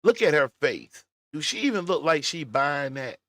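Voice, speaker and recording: A man riffing on a clip he's reacting to, blunt and mocking, with plenty of cursing. His voice sits a little high. The sound is dry, with no room around it. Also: big pitch swings, moderate pace, fairly bright tone, dry recording. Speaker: commentary vlogger. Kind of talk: reaction commentary.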